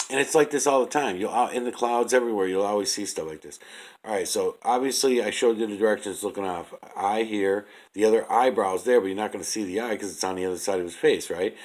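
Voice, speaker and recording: A middle-aged man rambling through casual commentary on images he shows, halting with fillers and swearing freely. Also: fairly low pitch, a little mellow. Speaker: video creator.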